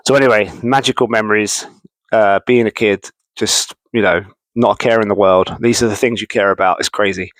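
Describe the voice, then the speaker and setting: Guy in his 30s rambling about old memories, lowish voice, lots of uhs, super dry close mic. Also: steady tone, brisk, a bit bright, no room sound, poor audio. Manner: rambling, lots of fillers and restarts. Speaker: wrestling video host. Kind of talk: casual nostalgic monologue.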